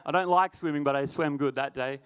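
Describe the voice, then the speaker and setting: A man's voice: fairly high pitch, a little fast, a little hiss or hum. A young man, a youth leader telling a chatty, laughing story before a sermon. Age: young adult. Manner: laid-back, laughing often, chatty filler words.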